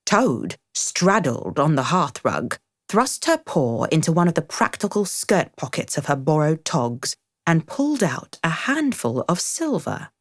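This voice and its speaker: A woman reading a storybook aloud as narrator, in an expressive way. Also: sits low, measured pace, few pauses, no echo, clean studio sound.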